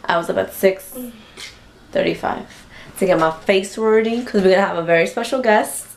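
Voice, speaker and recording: A woman's voice: medium pitch, normal speed, vocal fry. A woman vlogging casually in the morning, playful and teasing.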